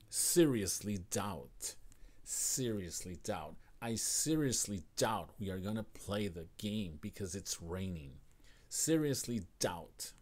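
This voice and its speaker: An American man with a somewhat low voice hosts a live English lesson. He models each phrase slowly and clearly, repeating it for emphasis, and breaks off now and then to welcome viewers. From United States. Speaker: English teacher.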